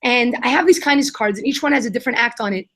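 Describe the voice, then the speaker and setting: A young adult woman answering questions in a live Q&A, telling an animated story and acting out the voices of the people in it. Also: on the high side, quick pace. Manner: animated, acts out quoted voices. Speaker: guest, kindness nonprofit founder.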